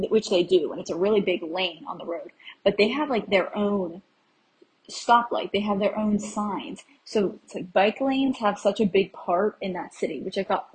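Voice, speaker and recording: A woman's voice: medium pitch, a little mellow, poor audio. Chatty young American woman. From USA. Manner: chatty and rambling, laughing at herself. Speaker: travel podcast host. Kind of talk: casual travel recap.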